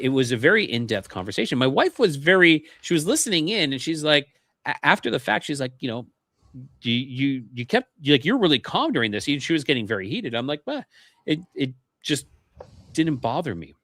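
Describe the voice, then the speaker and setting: A man's voice: medium pitch, a bit bright, no room sound, clean studio sound. A man from Canada, a podcast guest, telling a personal story in a casual, earnest way and acting out the remembered dialogue.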